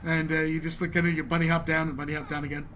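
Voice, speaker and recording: A man narrating a tabletop game as game master, animated and often laughing as he describes the action. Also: fairly high pitch, very fast, background noise.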